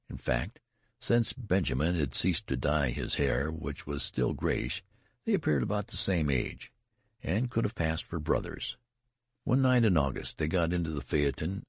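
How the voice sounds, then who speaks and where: A man narrating a story in a measured, expressive reading. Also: rumbling low, gravelly, husky, dry recording, studio quality. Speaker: audiobook narrator. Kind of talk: scripted narration.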